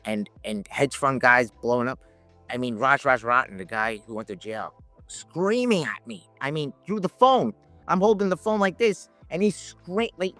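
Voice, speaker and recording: A man telling lively anecdotes in a casual podcast chat, laughing and acting out the people he quotes. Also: on the high side, no echo. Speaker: podcast guest, options educator. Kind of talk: casual storytelling.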